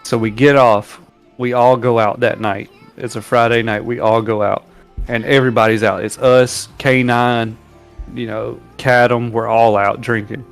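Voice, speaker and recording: Male co-host, mid-pitched, casual storyteller who barks out quoted sergeants. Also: normal speed, soft background music. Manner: animated, acts out shouted quotes while telling war stories. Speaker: podcast co-host.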